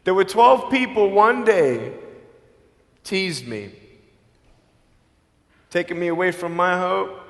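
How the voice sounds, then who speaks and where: A man with an Australian accent giving a live motivational speech, telling his story emphatically and swinging between loud and hushed. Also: high-pitched, animated, slow pace, long pauses. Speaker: motivational speaker. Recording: long hall reverb.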